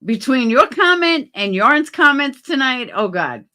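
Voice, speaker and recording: Blunt, bright-voiced woman streamer. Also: very animated, unhurried, few pauses. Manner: blunt, swears freely, swings from low mutters to loud outbursts. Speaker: livestream host. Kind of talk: casual livestream chat reading viewer comments.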